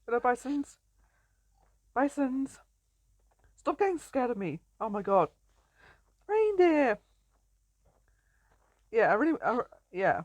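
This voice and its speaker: A playful young woman talks her way through a survival game, greeting the animals she meets. Her voice sits a little high and swings up and down freely. It is recorded close and dry, with no room sound. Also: very animated, unhurried, pauses often, no echo. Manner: chatty and playful, often laughing and greeting animals. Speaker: gameplay commentator. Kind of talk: casual let's-play commentary.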